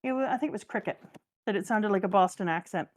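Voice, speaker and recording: A woman's voice: mid-range voice, fast talker. A woman hosting a casual chat, gushing and joking her way through an anime recap. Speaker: host.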